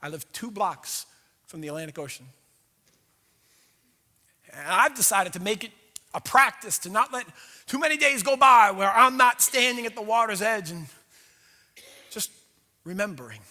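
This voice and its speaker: Bright high-voiced man preaching in a reverberant church. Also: normal speed, pauses often. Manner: animated, conversational, acts out inner voices. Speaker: pastor. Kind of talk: sermon. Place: church sanctuary. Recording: long hall reverb.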